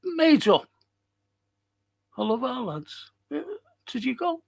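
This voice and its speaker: An older man with a Liverpool accent, hosting a casual livestream and chatting through viewer comments in a rambling way with excitable bursts. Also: extremely high pitch, moderate pace, gravelly. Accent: Liverpool (Scouse). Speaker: livestream host reading chat.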